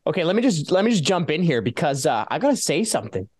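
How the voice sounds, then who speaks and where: A man's voice: a little high, big pitch swings, quick pace, darkish tone. A man hosting a conversational podcast in a casual way, laughing often and jumping in with questions. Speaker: host.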